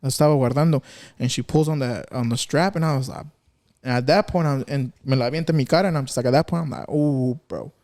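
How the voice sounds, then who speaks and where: A man's voice: medium pitch, quick pace, darkish tone, no echo, clean studio sound. A man hosting a casual podcast, telling stories in a rambling, profane way and laughing often. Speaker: podcast host.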